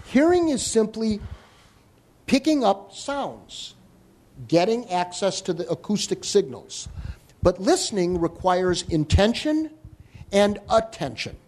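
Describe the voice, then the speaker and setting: A man giving a live talk to an audience on hearing and listening, explaining in an animated way with joking asides. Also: sits high, slow pace. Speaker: hearing health lecturer.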